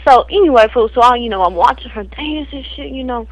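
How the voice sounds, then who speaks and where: A woman's voice: on the high side, lively intonation, fast talker, no room sound, low-quality recording. Woman doing a crude rambling street guy. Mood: boastful. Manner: slangy, peppers every phrase with "man" and "fool". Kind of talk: improvised comedy spoof.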